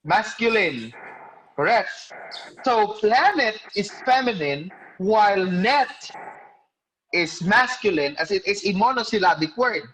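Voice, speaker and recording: A male teacher giving an online class lecture over a video call. He explains slowly, quizzes students by name and corrects himself mid-sentence. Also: high-pitched, expressive, fairly bright tone, rough recording.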